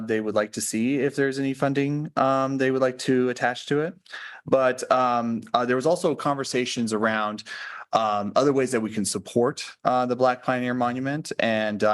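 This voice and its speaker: A man chairing a public board work session, running the agenda in a procedural, hesitant way. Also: medium pitch. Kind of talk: public meeting discussion. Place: board meeting room.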